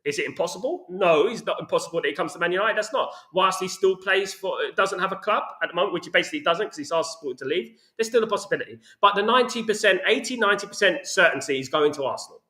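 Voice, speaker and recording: A man's voice: high voice, expressive, quick pace, few pauses, sharp tone. A man hosting a casual football fan chat, reading out comments and ranting with lots of "you know what I mean". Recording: echoey room.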